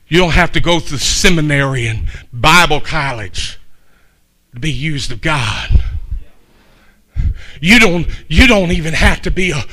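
An older man, a pastor, preaching a fiery sermon that swings from hushed asides to shouting. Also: a little high.

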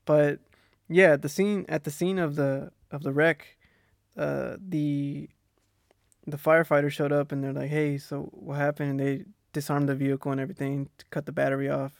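Gravelly young Texan man telling a story. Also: a little high, moderate pace, no echo, clean studio sound. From Texas. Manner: relaxed, rambling, laughs often. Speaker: podcast host. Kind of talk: casual storytelling monologue. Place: Australia.

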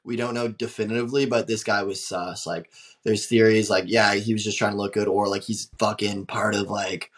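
A man's voice: lowish voice, steady tone, a little fast, fairly bright tone. A young man telling a travel story in casual podcast chat, rambling with many fillers and frequent swearing. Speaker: guest traveler.

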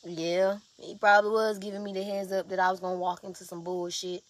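A woman's voice: mid-range voice, level tone, brisk. A woman in an emotional confessional vlog, exhausted and sleepless, talking in raw, profane outpourings. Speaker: vlogger.

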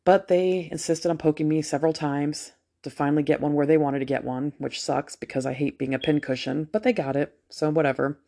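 A woman's voice: low voice, steady tone, brisk, hardly any pauses, dark tone. Woman, about 40, nurse; casual profane storyteller, just back from a procedure. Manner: candid, profane, chatty. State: just out of anesthesia after a procedure.

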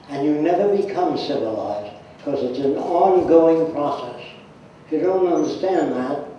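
A man's voice: a little high, warm tone, a little hiss or hum. An American man giving a blunt, emphatic public lecture, making his points with examples and questions. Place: lecture hall. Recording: reverberant hall.

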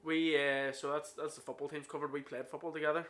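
A man's voice: a little high, level tone, quick pace, a bit bright. A Northern Irish man in his twenties hosting a podcast, chatting casually and joking with a friend. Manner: jokey, chatty, tangents with fillers. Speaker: podcast host. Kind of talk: casual chat.

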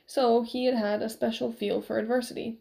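A woman reading a novel aloud with expressive storytelling. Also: a little high, brisk, creaky, poor audio. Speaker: reader.

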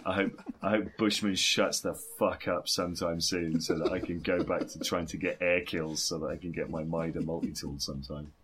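Male podcast co-host, deep voice, swears a lot, loose gaming banter. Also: steady tone, normal speed, hardly any pauses, a bit bright, slight background noise. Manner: swears freely, jokey, laughs often. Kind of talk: casual gaming chat.

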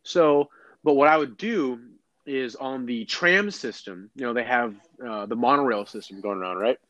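A young American man chatting casually, rambling and animated, full of filler words and false starts. His voice sounds close and dry. He jumps between thoughts with an easy, joking looseness. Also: medium pitch, normal speed, no echo, dull audio. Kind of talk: casual chat.

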